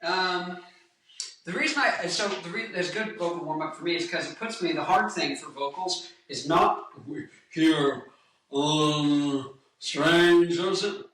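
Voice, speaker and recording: A young man with a bright, forward voice chats loosely about singing and slips into quick sung lines between thoughts. He sounds a little away from the mic in a very echoey room. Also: sits high, far from the mic, slight background noise. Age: 20s. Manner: rambling, jokey, breaks into song snippets. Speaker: singer and guitarist giving vocal tips. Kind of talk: casual vlog with sung demonstrations.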